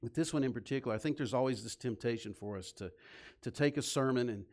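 A man's voice: mid-range voice, fast, a little mellow. A man preaching a sermon in a conversational, emphatic way, asking the listeners rhetorical questions. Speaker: pastor.

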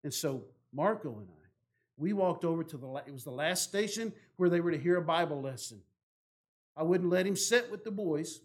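A man, a pastor telling a story from the pulpit, growing louder and more animated in the dramatic parts. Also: a little high. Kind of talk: sermon storytelling.

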